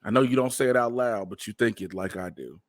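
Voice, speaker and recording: A man's voice: fast, no room sound, studio quality. A male podcast host in casual comedic chat, joking loosely and sore from a wrestling show. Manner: animated joking, jumps to high mocking voices.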